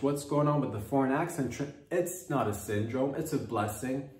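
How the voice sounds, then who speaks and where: A man's voice: mid-range voice, moderate pace, few pauses, darkish tone, distant mic. Man riffing playfully, roomy off-mic sound. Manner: playful, riffing, drifts into mock accents. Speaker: comedy podcast host. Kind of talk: rambling comedic monologue.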